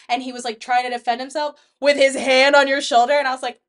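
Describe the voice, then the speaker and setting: A young woman co-hosts a casual podcast chat with a slightly high voice. She talks bluntly and swears heavily. She fills her sentences with "like". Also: flat delivery, fast. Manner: blunt, heavy swearing, frequent "like". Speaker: podcast co-host.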